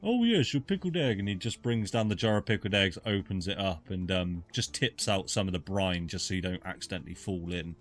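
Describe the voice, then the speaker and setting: A man's voice: sits low, fairly even intonation, fairly quick, few pauses, fairly bright tone, faint music behind. Man narrating as dungeon master. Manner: loose, rambling narration with fillers. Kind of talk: narrating a tabletop game.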